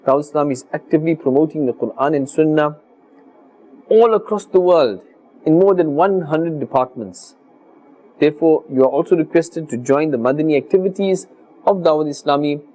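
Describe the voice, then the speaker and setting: A man teaching Quran recitation on a televised religious lesson, speaking formally and earnestly and sounding out letters slowly and carefully. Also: fairly high pitch, dark tone.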